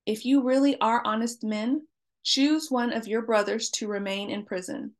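A woman reading the lines of a stern male governor who accuses strangers, in a slow, deliberate and insistent delivery. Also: a little high, fairly even intonation, natural voice.

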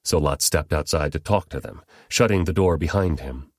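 A man reads scripture aloud in a steady, measured way. His voice is very deep. The recording is close and dry. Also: no room sound. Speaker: scripture reader. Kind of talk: scripture reading.

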